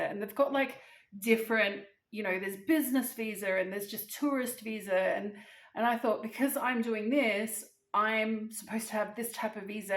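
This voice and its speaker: A woman vlogger telling a story in a chatty, animated way, a bit teary and emotional. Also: mid-range voice, creaky. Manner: chatty, animated, laughs, acts out phone calls. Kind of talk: casual storytelling to camera. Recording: echoey room.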